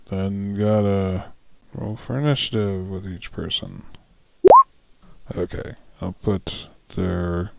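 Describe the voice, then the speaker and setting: A man's voice: sits low, vocal fry, darkish tone, no room sound. A man running a solo tabletop game as dungeon master, musing aloud, correcting himself and chuckling often.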